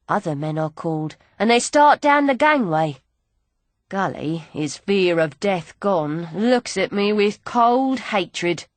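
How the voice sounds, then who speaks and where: Woman narrating a lively first-person story. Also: fairly low pitch, slow, no echo. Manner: lively dialect storytelling, working-class grammar. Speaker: audiobook narrator.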